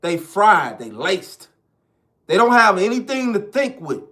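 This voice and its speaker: A man's voice: high-pitched, big pitch swings, unhurried, pushed and bright. A man ranting in casual, profane, emphatic commentary straight to his viewers. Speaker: online commentator.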